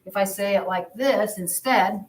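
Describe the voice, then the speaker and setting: A math teacher with a medium-pitched voice lectures a geometry class a little slowly, explaining conversationally and repeating herself. The classroom audio is roomy and captured from a distance, with a little hiss or hum.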